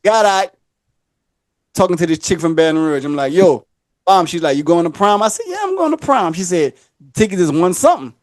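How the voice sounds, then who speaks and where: A man's voice: sits high, very animated, brisk, dry recording. A man co-hosting a podcast, spinning long stories in casual chat. He acts out every quote and laughs as he goes. His voice sits dry and close to the mic. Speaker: podcast co-host. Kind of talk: casual storytelling.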